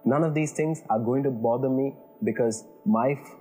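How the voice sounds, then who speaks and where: A man's voice: medium pitch, normal speed, dark tone, husky, soft background music. A man preaching a sermon in an earnest way, building emphasis and checking in with "you know" and "all right". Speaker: pastor.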